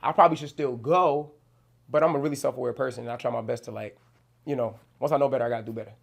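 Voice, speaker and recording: Fast-talking gravelly young man. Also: medium pitch, fairly even intonation. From New Jersey. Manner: loose, slangy, swears, many "you know what I'm saying". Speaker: rapper guest. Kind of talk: casual interview chat.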